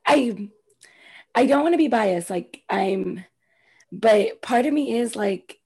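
A woman's voice: a little high, lively intonation, darkish tone, breathy edge. A woman co-hosting a casual chat, working through her opinions with hedges and restarts. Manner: thoughtful, hedging, halting restarts. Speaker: podcast co-host.

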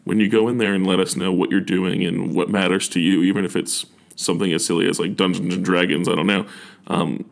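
A young man speaks as a university admissions officer in an easygoing, encouraging talk. His voice sits low with a gravelly fry, and he stumbles over restarts and fillers as he speaks earnestly. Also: little pitch movement, fairly quick. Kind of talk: casual advice talk.

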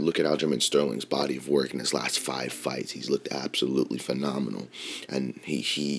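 Brief: man, very low gravelly voice, casual rambling host, swears a lot. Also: a little hiss or hum. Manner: rambling, filler-heavy and swears freely. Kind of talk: casual opinion talk on mixed martial arts.

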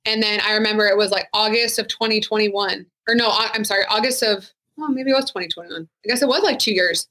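A woman's voice: mid-range voice, quick pace, few pauses, pushed and bright, low-quality recording. A woman who is a retired sheriff's deputy, speaking frankly and casually as a guest in an interview, with many "like" fillers. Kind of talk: candid interview conversation.

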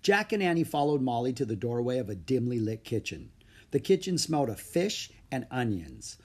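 A man reading a children's book aloud in an expressive storytelling manner. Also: medium pitch, normal speed, husky. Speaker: narrator.

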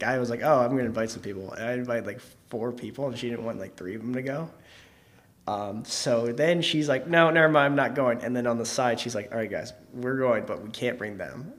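A young man co-hosting a podcast, telling a long story in a casual, rambling way, full of fillers and laughs. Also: mid-range voice. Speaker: podcast co-host.

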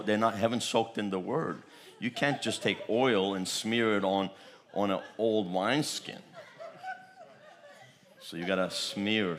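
A man preaching a charismatic sermon, repeating phrases, chuckling often and breaking into tongues. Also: fairly low pitch. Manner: repetitive, chuckling, bursts into tongues.

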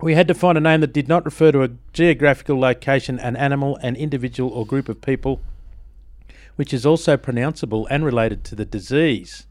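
A man's voice: mid-range voice, brisk, no room sound. Casual australian radio host guy, laughs a lot, dry close mic. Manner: animated, laughs often, jokey. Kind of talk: casual radio chat and storytelling.

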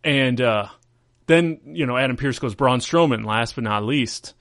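A man's voice: mid-range voice, unhurried, fairly bright tone, dry recording, studio quality. A man hosting a casual wrestling podcast, rambling through a recap and acting out quotes in mocking voices. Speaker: podcast host.

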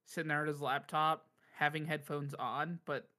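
A man's voice: a little high, fairly even intonation, moderate pace, pushed and bright. A man co-hosting a casual podcast, telling stories animatedly and laughing often. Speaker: podcast co-host, cafe worker. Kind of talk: casual chat.

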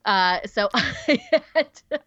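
A woman's voice: medium pitch, expressive, slow pace, sharp tone, no echo. A woman in her thirties co-hosting a podcast, telling rambling stories with frequent giggles and "um"s, on a slightly muffled recording. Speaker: podcast co-host. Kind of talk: casual storytelling.

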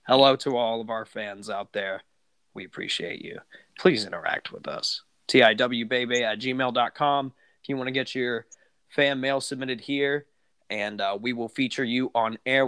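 A man's voice: medium pitch, a bit bright, smooth, no room sound. A man hosting a podcast in casual chat, rambling with lots of fillers and restarts. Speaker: podcast host.

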